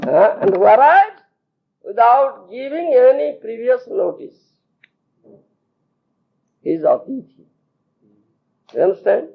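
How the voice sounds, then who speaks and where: A man's voice: extremely high pitch, sing-song, slow pace, vocal fry, pauses often, slightly rough. A man with an Indian English accent giving a storytelling scripture lecture as a spiritual teacher, often checking whether listeners understand. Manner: checks understanding often, laughs while telling. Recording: muffled lo-fi tape.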